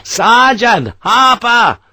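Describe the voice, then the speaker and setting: A man voicing a male rifle officer who shouts battle orders at his men. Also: medium pitch, very animated, a little slow, no echo, full character voice. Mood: shouting orders. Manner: shouted commands.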